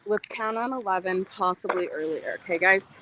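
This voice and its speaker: Livestream co-host, casual, cuts in with quick questions, mid voice, bit of background noise. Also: mid-range voice, sharp tone, low-quality recording. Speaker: co-host of a ghost-hunting livestream.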